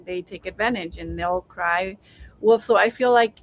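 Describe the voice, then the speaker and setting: A woman's voice: on the low side, moderate pace, poor audio. Thoughtful woman, faint background noise. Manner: thoughtful, hedging with fillers. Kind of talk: casual chat.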